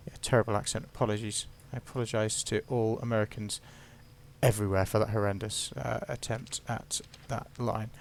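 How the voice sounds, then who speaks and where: A man's voice: lowish voice, steady tone, fairly quick, vocal fry, slight background noise. A man giving casual, playful, self-mocking commentary while narrating his gameplay.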